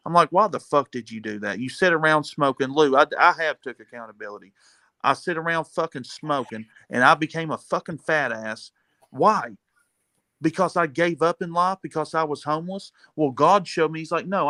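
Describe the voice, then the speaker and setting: A man's voice: on the high side, bright, forceful tone, dry recording. A man venting in an agitated, profane rant, calling people "dude". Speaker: caller venting on a panel show. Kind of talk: emotional rant, casual talk.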